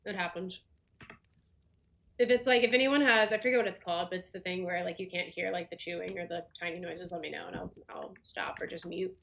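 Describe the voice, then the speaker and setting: A woman's voice: on the low side, fairly even intonation, fast, gravelly, hardly any pauses, a bit bright, slight background noise. A woman chatting casually on a game livestream, talking with lots of fillers and little laughs while she eats and plays. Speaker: game streamer.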